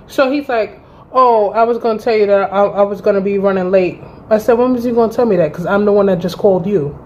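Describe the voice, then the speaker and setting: A woman in her thirties telling a personal story to her channel in a casual, animated and profane way, acting out both sides of the conversation. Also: medium pitch, slight background noise. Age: 30s. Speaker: vlogger. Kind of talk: storytime vlog.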